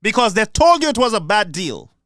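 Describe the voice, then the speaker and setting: A man's voice: sits high, very animated, brisk, fairly bright tone, no room sound. A man with a Saint Lucian accent giving an impassioned political speech, sarcastic and mocking. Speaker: political commentator.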